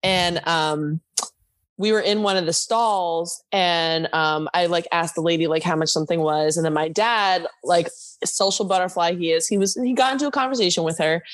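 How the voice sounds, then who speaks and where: A woman's voice: lowish voice, moderate pace. A young woman hosting a podcast, chatting casually and acting out the people in her stories. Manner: animated storyteller, quotes people in lively voices. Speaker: podcast host. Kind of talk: casual chat.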